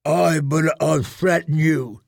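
A man's voice: on the high side, slow pace, creaky, dry recording, studio quality, full character voice. A man voicing a scruffy wildling warrior who growls mocking taunts in an audiobook. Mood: taunting growl.

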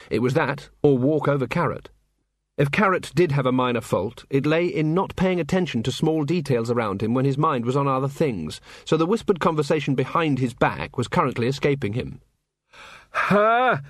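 A man's voice: medium pitch, dry recording, clean studio sound. A man narrating a fantasy audiobook and voicing many characters in turn. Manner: lively, voices many characters. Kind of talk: scripted narration with character voices.

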